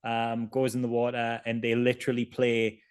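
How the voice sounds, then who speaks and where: A man's voice: medium pitch, monotone, normal speed, smooth. A man in a casual podcast chat about a bad horror film, talking wryly and sarcastically and often restarting his sentences. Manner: wry, sarcastic, rambling with restarts. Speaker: podcast co-host.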